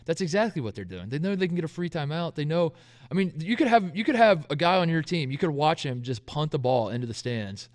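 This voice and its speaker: A man's voice: a little high, fast, dry recording. Dry-voiced man chatting about sports. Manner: animated storytelling, acts out quotes in jokey voices. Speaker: podcast co-host. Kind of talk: casual sports chat.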